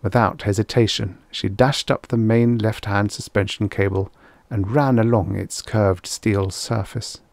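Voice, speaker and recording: A man narrating a vintage science fiction short story at a measured pace. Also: on the low side, steady tone, creaky, darkish tone, no room sound. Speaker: audiobook narrator.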